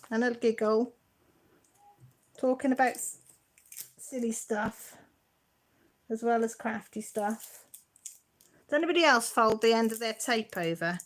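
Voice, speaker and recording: A woman chats casually on a live stream from her craft table at home. Her voice sits a little high, and she talks in a chatty, warm-hearted way that is emotional and close to tears. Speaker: craft channel host.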